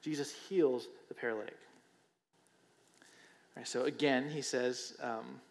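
A man's voice: mid-range voice, steady tone, unhurried, vocal fry. A man preaching a sermon in a conversational way, often checking in with the listeners with a rhetorical question and repeating phrases for emphasis. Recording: long hall reverb.

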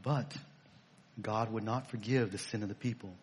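A man's voice: lowish voice, steady tone, normal speed, slightly rough. A male pastor preaching a sermon, emphatic and repetitive, firing off rhetorical questions.

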